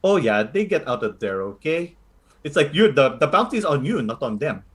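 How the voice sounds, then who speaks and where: A man's voice: fairly high pitch, big pitch swings, normal speed. A man voicing a motherly old Filipino grandmother sorceress in a tabletop game, speaking broken English with a Filipino accent and calling everyone honey. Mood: fussing. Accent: Filipino English, put on. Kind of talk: tabletop role-play voice acting.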